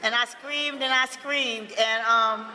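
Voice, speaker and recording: A high, bright-toned woman tells her recovery story with blunt, profane emphasis and loud bursts of laughter. Her voice carries a long hall reverb and a roomy echo. Faint noise sits under it. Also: fairly even intonation, slow pace. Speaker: recovery speaker. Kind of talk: personal testimony to a recovery meeting.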